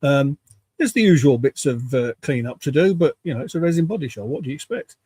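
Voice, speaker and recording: A man co-hosting a casual livestream chat from his home workbench, relaxed and rambling, a bit out of breath. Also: fairly high pitch, fairly quick, breathy edge. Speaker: co-host.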